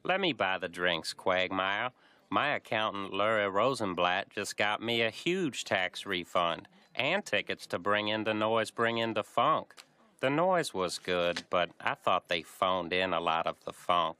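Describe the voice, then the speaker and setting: An actor voicing a mild-mannered middle-aged cartoon man who speaks slowly and gently. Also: on the low side, expressive, clear, resonant tone, dry recording.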